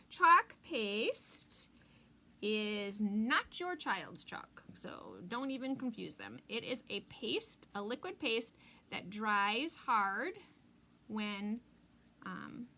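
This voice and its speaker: A woman with a bright, forceful, fairly high voice, talking viewers through a craft project at her table. She chats, gets sidetracked, laughs a lot and sometimes whispers her asides. A faint hiss of room noise sits behind her. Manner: chatty and easily distracted, laughing often. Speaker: craft demonstrator. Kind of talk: live craft tutorial with chat.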